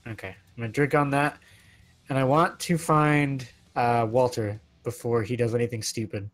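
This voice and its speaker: A man's voice: mid-range voice, fairly even intonation, normal speed. A man chatting casually as a player in a tabletop game, asking lots of rules questions. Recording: faint music in the background.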